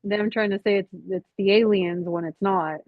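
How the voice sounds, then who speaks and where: A woman hosting a casual chat over a video call, animated and full of "like" and "you know". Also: mid-range voice, unhurried, no room sound. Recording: dull lo-fi call audio.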